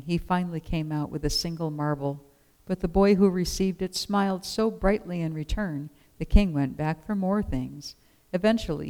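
A storyteller reading a children's tale aloud with expressive, measured pacing. The voice is smooth and clear, sitting at a middling pitch.

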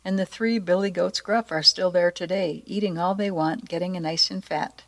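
Playful woman storyteller, slightly low voice. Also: normal speed. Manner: playful, expressive reading. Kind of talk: storybook narration and short devotional.

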